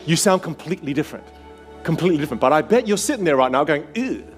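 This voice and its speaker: A man coaching participants at a workshop, animated and acting out the voices he quotes. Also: a little high, racing, faint music behind. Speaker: communication coach. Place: workshop room.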